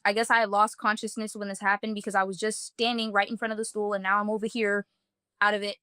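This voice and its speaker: A woman's voice: mid-range voice, flat delivery, fast talker, sharp tone, clear, resonant tone, no echo, clean studio sound. A woman earnestly recounting a personal experience in vivid first-person detail, talking casually with many "like" fillers. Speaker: guest telling a personal testimony. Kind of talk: emotional first-person storytelling.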